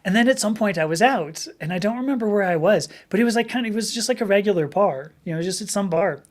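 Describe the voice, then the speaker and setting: A middle-aged woman hosting a live stream, chatting casually with viewers and telling rambling stories. Her voice is a little rough from talking for hours. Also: medium pitch, expressive, quick pace, a little mellow. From Southern California. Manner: rambling, chatty storytelling with many restarts. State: slightly rough voice from long talking.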